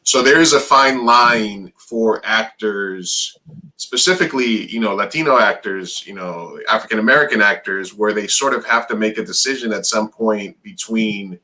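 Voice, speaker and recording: A man's voice: on the low side, moderate pace, sharp tone, rough recording. A man hosting a casual interview, asking questions in a thoughtful, reflective way. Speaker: interview host.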